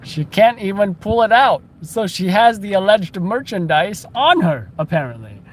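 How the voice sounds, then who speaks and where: A man's voice: high voice, animated, moderate pace, slight background noise. A man giving chatty, wry running commentary while filming live on a city street at night. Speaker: street news videographer.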